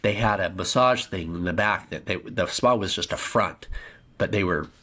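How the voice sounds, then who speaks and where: Man, podcast guest, husky voice, deep, storytelling, acts out dialogue. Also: normal speed, bright, forceful tone. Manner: vivid storyteller, acts out dialogue, restarts phrases. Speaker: podcast guest, film producer.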